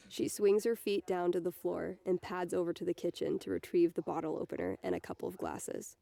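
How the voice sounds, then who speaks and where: A woman reading a novel aloud in the first person, softly voicing the dialogue as she goes. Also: fairly low pitch, flat delivery, fairly quick, gravelly, hardly any pauses. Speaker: reader.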